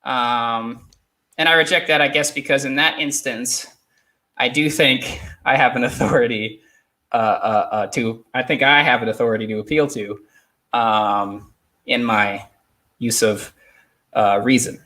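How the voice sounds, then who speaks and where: A man hosting a podcast in casual chat, talking haltingly with many repeated words and restarts. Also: medium pitch, fairly even intonation, pushed and bright. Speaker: podcast host.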